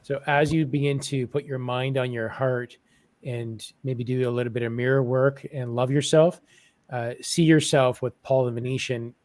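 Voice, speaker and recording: A man on a spiritual group video call, describing a channeled vision gently, with many fillers. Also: mid-range voice. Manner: gentle, reflective, with frequent fillers. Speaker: channeling participant.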